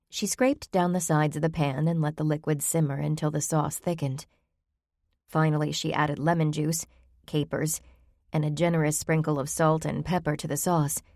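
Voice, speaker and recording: A woman narrating a mystery novel in a calm, even storytelling manner. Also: low voice, dry recording, studio quality. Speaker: audiobook narrator. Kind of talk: scripted narration.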